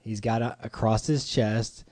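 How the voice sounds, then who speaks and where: A man hosting a casual podcast chat in a home studio, animated and playful, acting out quoted voices. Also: fairly low pitch, a little slow, dry recording. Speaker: podcast host.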